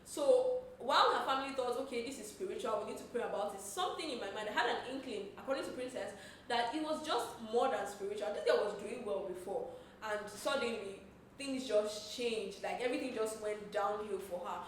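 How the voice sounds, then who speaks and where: A woman presenting entertainment news in an animated, chatty gossip style. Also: a little high, normal speed, a little hiss or hum. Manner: animated, expressive storytelling. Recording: roomy echo, distant from the mic.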